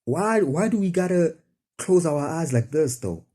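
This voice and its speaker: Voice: medium pitch, lively intonation, unhurried, mellow. A spiritual speaker, preaching casually to camera in a rambling, repetitive way full of rhetorical questions. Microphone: camera facing the speaker.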